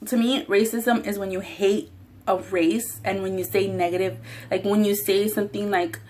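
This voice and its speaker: A woman's voice: mid-range voice, steady tone, normal speed, a little mellow, a little hiss or hum. A woman chatting casually while eating on a mukbang vlog, rambling, swearing freely and often laughing. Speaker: mukbang vlogger.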